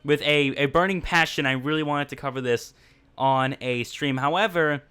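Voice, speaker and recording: Smooth-voiced man hosting a casual stream. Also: a little high, normal speed, bright, forceful tone. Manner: blunt and mocking, with frequent fillers. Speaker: podcast and livestream host. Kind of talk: casual rambling commentary.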